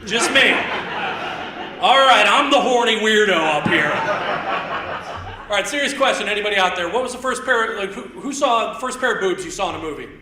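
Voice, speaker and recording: A man in his thirties doing live stand-up comedy on a theater stage, rambling and self-deprecating with quick asides. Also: high-pitched, animated, background noise. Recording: roomy theater sound, mic heard from a distance.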